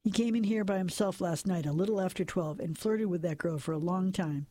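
A man voicing a gruff, matter-of-fact mustached barroom informant. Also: high voice, brisk, warm tone, no echo. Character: mustached middle-aged male barroom informant.

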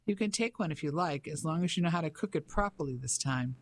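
A man's voice: a little high, animated, quick pace. Narrator playing a bold, teasing French fisherman.

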